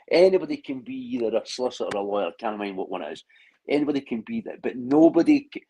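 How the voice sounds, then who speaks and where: A man talks over a video call in a loose, rambling way, often restarting his sentences and swearing bluntly. His voice has a husky edge, and his pitch sits in a middle range. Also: sing-song, quick pace, warm tone, rough recording. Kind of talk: casual chat.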